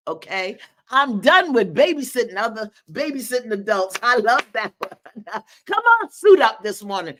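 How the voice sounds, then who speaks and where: Animated woman hosting a live call. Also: a little high, moderate pace. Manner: animated, laughing, folksy and preacherly, calls out encouragement. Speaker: host of a live community call. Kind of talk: lively live-stream talk, reading viewer comments aloud. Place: her home in the countryside.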